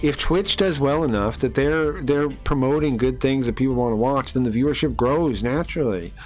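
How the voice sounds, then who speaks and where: Male streamer, mid-pitched, venting at a desk mic, faint music underneath. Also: normal speed, darkish tone. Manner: exasperated, incredulous, talks to chat with many fillers. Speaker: live streamer. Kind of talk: casual live-stream rant.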